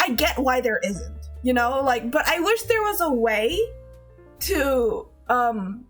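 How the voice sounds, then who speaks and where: High-pitched woman streamer gushing to chat, lots of giggles and cussing, voice bouncing all over, faint music behind. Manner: giggly and gushing, swears, many restarts. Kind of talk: casual chat with viewers.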